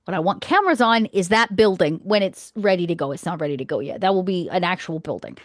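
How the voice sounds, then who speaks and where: A woman's voice: lowish voice, animated, fast talker, dry recording, clean studio sound. A woman playing a brash vampire leader in a live tabletop role-play, swearing often and stammering through restarts.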